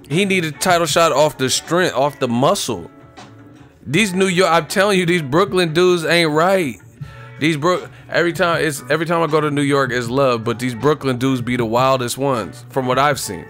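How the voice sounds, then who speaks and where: Profane joking boxing-stream host. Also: male voice, a little high, fairly bright tone. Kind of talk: casual livestream chat.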